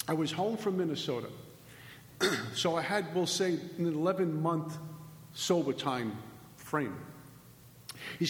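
A man's voice: on the high side, moderate pace, pauses often. A middle-aged man giving an impassioned recovery talk, emphatic and preachy, driving points home with repeated phrases and rhetorical questions. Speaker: speaker at a recovery meeting. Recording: echoey hall with long reverb.

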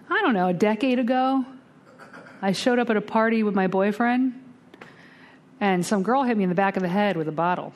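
A woman speaking at a twelve-step recovery meeting, telling a blunt, salty story with lively storytelling and acting out the other voices. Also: medium pitch, fairly quick, pauses often, slight background noise. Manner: lively storytelling, acts out the voices in her tale; blunt and salty, casual swearing.

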